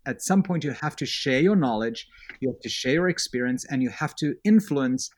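A man's voice: medium pitch, expressive, normal speed. A man with a South African accent, a real estate agent answering interview questions in an earnest, reflective way.

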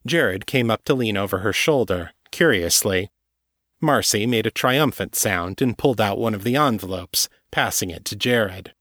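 A man narrating a novel in a measured, steady reading voice. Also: fairly low pitch, no echo, studio quality. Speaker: audiobook narrator. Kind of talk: scripted narration.

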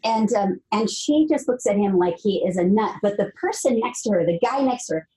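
A woman's voice: a little high, sing-song, brisk, few pauses, warm tone, rough recording. A woman guest author telling a story in an earnest, emphatic way, often repeating her phrases. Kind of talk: conversational storytelling.

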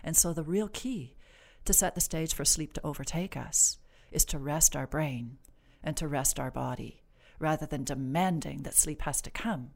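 A woman clinician, a guest on the podcast, explaining stress and sleep in a measured, reassuring, gently instructive way. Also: low voice, creaky. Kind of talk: calm explanatory interview talk.

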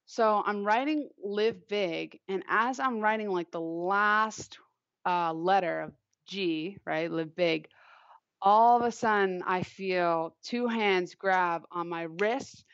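A woman's voice: mid-range voice, takes it slowly, fairly bright tone, no room sound. Young woman from long island just chatting through a story, says like a lot, kinda muffled lo-fi audio. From Long Island, New York. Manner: chatty, heavy use of "like" fillers. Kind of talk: casual personal storytelling. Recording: dull, lo-fi, dry recording.

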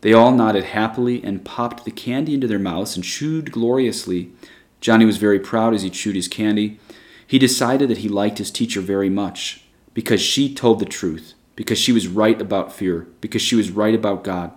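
A man with a fairly low voice reads a story aloud. His narration is measured and even, with a steady storytelling pace. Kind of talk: storybook reading.

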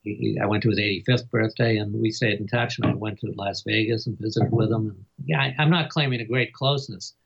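Older male biographer, low husky voice, chuckling anecdotal delivery, muffled lo-fi recording. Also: steady tone. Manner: chuckles often, halting with fillers. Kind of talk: interview storytelling. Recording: dull lo-fi recording.

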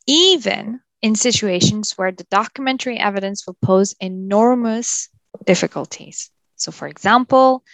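A woman's voice: medium pitch, animated, moderate pace, vocal fry, dry recording, rough recording. Playful woman co-hosting a legal podcast. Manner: playful, teasing while explaining. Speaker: podcast co-host. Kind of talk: casual legal podcast chat.

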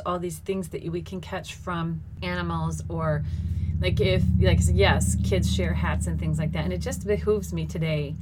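A woman's voice: on the low side, background noise. A middle-aged woman telling a personal story in a casual monologue, laughing often and exclaiming as she acts out what people said.

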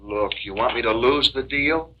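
An actor playing a sleazy, manipulative photographer in a 1960s film, with a pushy, wheedling manner. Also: male voice, mid-range voice, normal speed, husky, lo-fi sound, lightly acted.

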